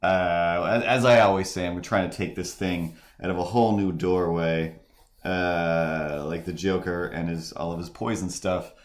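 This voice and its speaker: A man with a deep, low voice talks casually on his live stream, wandering from thought to thought. He stops and restarts often, padding his sentences with fillers. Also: fairly even intonation. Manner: rambling, halting, many restarts and fillers; mimics voices in quoted asides. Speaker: streamer and host. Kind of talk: casual rambling stream chat.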